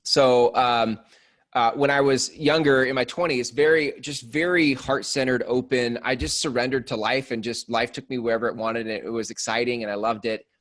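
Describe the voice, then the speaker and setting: A man's voice: medium pitch, steady tone, moderate pace, fairly bright tone. A man co-hosting a podcast, speaking reflectively and casually, with loose fillers and restarts. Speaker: co-host. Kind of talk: podcast conversation.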